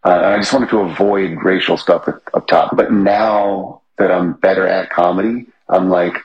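Man, comedian guest, low husky voice, rambling; dull lo-fi audio. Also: fairly even intonation, normal speed. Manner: rambling, filler-heavy, self-correcting. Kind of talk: casual interview chat.

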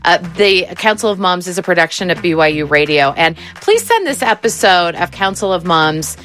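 A woman's voice: on the low side, very animated, normal speed, fairly bright tone. A woman hosting a mothers' talk show, thanking her guests and closing the episode. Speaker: podcast host. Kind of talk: casual chat.

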